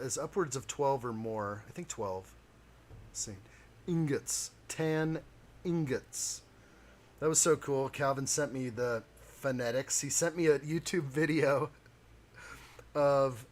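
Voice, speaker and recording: A man hosting a live stream, chatting casually with viewers while he builds a model kit. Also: mid-range voice.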